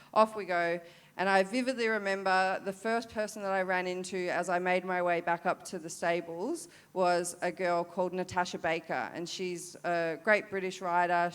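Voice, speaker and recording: A woman's voice: mid-range voice, a bit bright, clear, resonant tone. An Australian woman in her thirties, a para-dressage rider, candidly telling a story at a forum, with many fillers and restarts.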